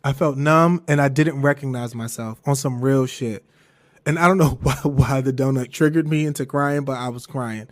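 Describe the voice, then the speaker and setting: At normal speed, a young podcast host shares a personal story in casual conversation. He laughs along as he talks, swears freely and switches to a high falsetto whenever he quotes himself.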